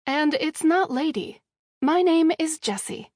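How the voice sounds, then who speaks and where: A woman's voice: high voice, expressive, a little slow, a little mellow, no echo, clean studio sound, pitched above the performer's own voice. A woman doing a breezy, chatty young woman. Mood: matter-of-fact. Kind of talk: audiobook dialogue.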